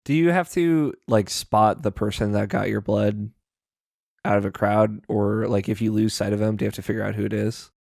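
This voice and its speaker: A woman co-hosting a casual podcast chat, playful and jokey, with a gravelly voice. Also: extremely low pitch, steady tone, moderate pace, darkish tone, no room sound, clean studio sound. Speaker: podcast co-host.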